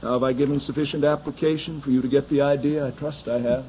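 Pastor guy preaching hard in church, goes quiet then yells, muffled old tape with a little hiss. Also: medium pitch, steady tone, fast. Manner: swings from hushed asides to shouted pleas. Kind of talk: fiery sermon. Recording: dull lo-fi archival recording with faint noise.

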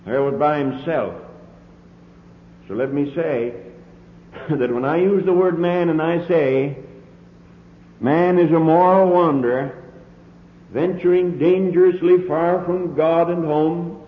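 A man's voice: on the high side, takes it slowly, long pauses. A man preaching a sermon, earnest and emphatic, with repeated phrases, heard on an old lo-fi recording. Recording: tinny lo-fi old sermon recording, roomy hall echo.

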